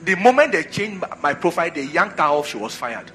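Bright-voiced preacher with faint music. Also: male voice, fairly high pitch, big pitch swings, fairly quick. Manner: call-and-response preaching, repeats phrases for emphasis. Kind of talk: sermon.

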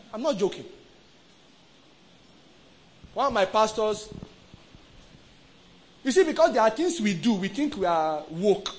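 A man with a Nigerian accent preaching a sermon, emphatic, swinging from soft to loud and asking the crowd questions. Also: sits high, a little hiss or hum, poor audio.

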